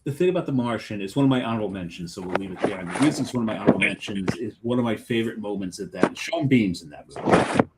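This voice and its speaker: A man's voice: lowish voice, rapid-fire, very noisy. A man co-hosting a beer podcast in casual chat, rambling and trailing off mid-sentence. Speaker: podcast co-host.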